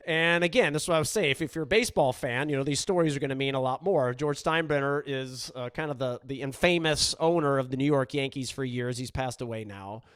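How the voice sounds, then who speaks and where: Male podcast host, middle-aged, mid-pitched and chatty, easygoing storyteller who often restarts his sentences, close and dry. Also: brisk, hardly any pauses, smooth, no echo. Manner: relaxed, conversational, frequent restarts and "you know". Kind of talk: storytelling in casual chat.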